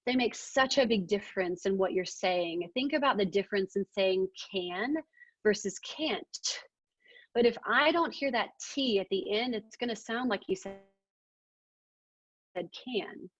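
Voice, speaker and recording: A woman's voice: mid-range voice, fairly quick, few pauses, no room sound, muffled recording. Emphatic woman teaching speech. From Arkansas. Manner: energetic, emphatic, demonstrates vocal techniques. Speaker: presentation skills trainer. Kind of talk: webinar training talk.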